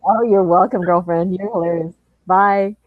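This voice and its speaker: A woman's voice: lowish voice, fairly even intonation, normal speed, no room sound. A woman hosting a casual livestream chat on a video call, encouraging and affectionate toward her guests. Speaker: host. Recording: dull dry lo-fi audio.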